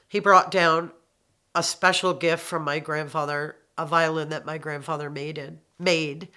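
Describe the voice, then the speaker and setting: A middle-aged woman from Canada giving a personal testimony, halting and reflective, pausing often with ums. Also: low voice, vocal fry, a bit bright. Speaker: abuse survivor telling her story.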